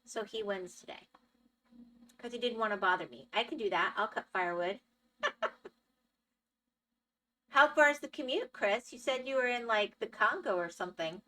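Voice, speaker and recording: A woman's voice: on the high side, moderate pace, long pauses, bright, forceful tone, recorded from a distance, slight background noise. A woman streamer chatting casually with her chat while playing a game, thinking aloud as she goes.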